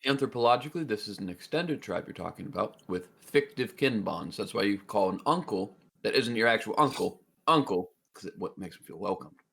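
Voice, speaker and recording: Gravelly man lecturing in chat. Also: fairly low pitch, animated, fairly quick, hardly any pauses, fairly bright tone. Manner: chimes in with explanatory, lecturing remarks. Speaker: podcast co-host. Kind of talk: casual chat.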